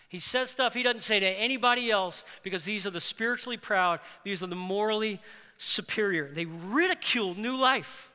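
A man preaching a sermon as pastor, animated, swinging between loud emphatic lines and hushed ones. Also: sits high, normal speed, smooth, in a large hall.

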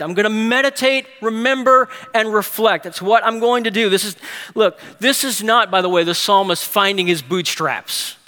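A man preaching a sermon, moving from hushed, slow phrases to quick, emphatic bursts. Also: high-pitched. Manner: animated preaching with big swings from hushed to emphatic. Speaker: pastor. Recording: long hall reverb.

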